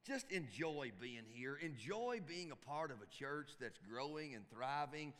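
A pastor with a highish, animated, slightly bright voice speaks a little slowly, preaching to church volunteers in a folksy, emphatic way and often repeating his phrases. He's in a church sanctuary, and the recording carries the long reverb of a church hall.

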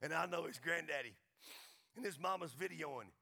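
A man with a Texas accent preaching a folksy sermon as pastor, building to excited crescendos and closing in prayer. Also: fairly high pitch, moderate pace, vocal fry.

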